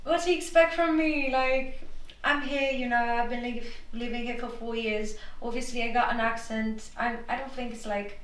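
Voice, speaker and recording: A woman's voice: fairly high pitch, level tone, moderate pace, few pauses, a bit bright. A young woman, speaking English in an earnest, emphatic casual chat. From Romania. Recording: roomy, distant mic, faint hum.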